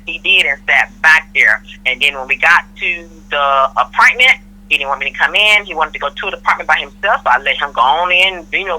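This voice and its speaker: Bright-voiced woman telling a story. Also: low-pitched, poor audio. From Florida. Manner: animated storyteller acting out quotes. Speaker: podcast guest, mother of host. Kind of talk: casual storytelling chat.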